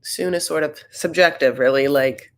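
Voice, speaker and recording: A woman's voice: low voice, normal speed. A young adult woman hosting a casual TV recap, chatty and sassy with rambling asides. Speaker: host.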